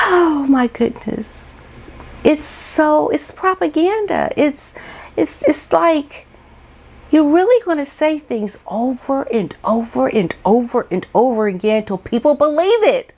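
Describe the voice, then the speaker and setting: Woman ranting on her vlog, pitch jumping all over, really incredulous. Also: expressive, slow pace, a little mellow. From United States. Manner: indignant, incredulous, rhetorical questions. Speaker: vlogger, commentator. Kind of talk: opinion commentary monologue.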